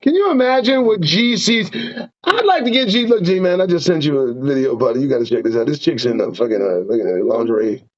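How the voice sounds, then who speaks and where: A man hosting a streamed talk show, preaching in a fiery, profane rant. His voice sits high and swoops widely up and down. The sound is dull and lo-fi. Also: quick pace. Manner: profane, preaching, lively ups and downs. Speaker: show host. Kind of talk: impassioned ranting commentary.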